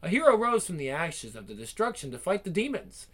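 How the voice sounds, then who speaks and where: A man's voice: high-pitched, sing-song, fairly quick, a bit bright, heavily acted. A man voicing a small, pedantic know-it-all robot in a one-man game fan dub. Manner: pedantic, reciting definitions.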